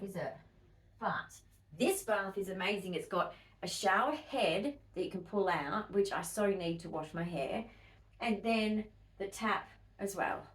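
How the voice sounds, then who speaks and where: An Australian vlogger walks between rooms at home, chatting casually to her camera and rambling with fillers and asides. She has a mid-range voice, and the audio is poor.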